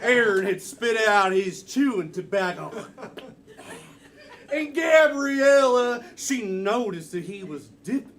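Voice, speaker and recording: An improv performer narrating a made-up story on stage, dry and playful. The delivery is slow and unhurried. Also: medium pitch, animated.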